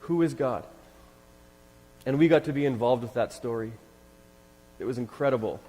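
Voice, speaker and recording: A man's voice: mid-range voice, brisk, warm tone. A man leading a ministry, telling an enthusiastic testimony story at church with many fillers. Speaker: ministry leader speaking at church. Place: church sanctuary. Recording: long hall reverb.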